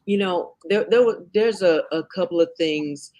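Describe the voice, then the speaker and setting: A man with a fairly high voice co-hosting a faith talk show. He works through Bible lessons point by point, stumbling and restarting as he goes. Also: normal speed, darkish tone. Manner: counts off points, many restarts and fillers. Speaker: co-host.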